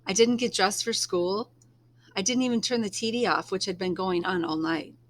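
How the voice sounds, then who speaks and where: A woman reading a first-person novel aloud in a soft, unhurried storytelling manner, now and then dropping to a hush. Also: mid-range voice, slight background noise. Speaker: reader.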